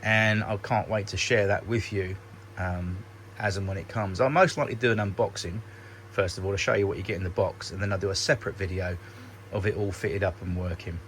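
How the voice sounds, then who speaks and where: A man with a fairly low voice talks through a hobby how-to in a loose, rambling way. He corrects himself now and then and slips in some dry sarcasm. A faint hiss sits under the recording. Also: steady tone, fairly quick, a bit bright. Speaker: model railway hobby vlogger. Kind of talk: casual how-to demonstration.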